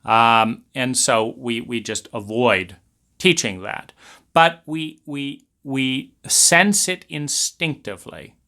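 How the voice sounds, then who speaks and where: A man delivers a spoken monologue about family dynamics in an animated way, often slipping into little acted scenes. His voice is bright and forceful, and his pitch sits in the middle range for a man. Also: slow pace. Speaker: speaker on trauma. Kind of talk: lecture monologue.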